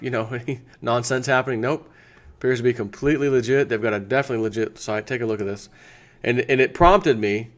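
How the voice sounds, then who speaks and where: Chatty American man rambling on camera. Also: medium pitch. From United States. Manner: chatty, rambling, thinks aloud with restarts. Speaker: channel host. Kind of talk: casual sponsor segment.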